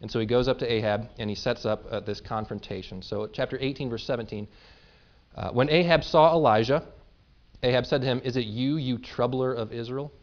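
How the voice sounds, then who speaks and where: A man's voice: mid-range voice, fairly even intonation, a little fast, muffled recording. A man giving a sermon, reading scripture aloud and retelling it in casual everyday words. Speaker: pastor.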